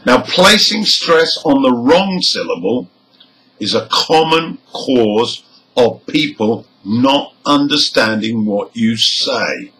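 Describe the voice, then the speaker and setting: A man teaching English pronunciation, slowly listing numbered example words and modeling each one clearly. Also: mid-range voice, a bit bright, poor audio. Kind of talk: slow, deliberate teaching delivery.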